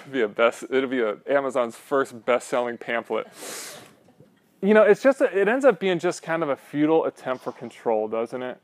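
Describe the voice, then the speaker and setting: A man's voice: medium pitch, no room sound. A male pastor preaching a conversational sermon, often asking his congregation "right?". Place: church.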